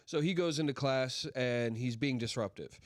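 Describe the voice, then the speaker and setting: Podcast host, male, mid-pitched, loose and rambling, laughs a lot, dry studio sound. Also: normal speed, no echo. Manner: rambling, laughs often, swears. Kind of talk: casual joke-telling chat. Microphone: podcast microphone.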